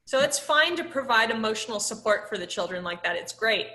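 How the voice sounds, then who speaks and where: A woman with a fairly high, bright and forceful voice teaches a live online class through her laptop microphone. Her delivery is conversational and loose, with frequent "um"s. She keeps turning to the class with questions. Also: animated, a little fast, echoey room. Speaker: instructor.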